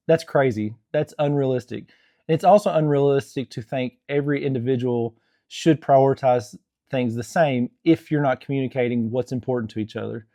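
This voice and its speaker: Earnest man with a mellow voice. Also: medium pitch, no echo, clean studio sound. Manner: earnest, rambling, many restarts and fillers. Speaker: Christian marriage vlogger. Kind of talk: casual advice talk to camera.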